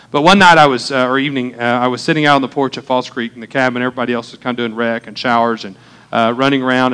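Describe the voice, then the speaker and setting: A pastor in his thirties, originally from Oklahoma, delivers a sermon in an easygoing, talkative way. He jokes as he goes and pauses on fillers and restarts. His voice sits at an ordinary middle pitch for a man. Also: fairly bright tone, clear, resonant tone. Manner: conversational, joking asides, many fillers and restarts.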